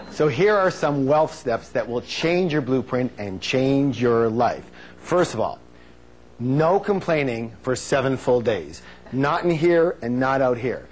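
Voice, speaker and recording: A man giving a live motivational seminar on stage, energetic and playful, drawing call-and-response answers from the audience. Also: measured pace, slight background noise. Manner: playful, acts out quotes in high silly voices.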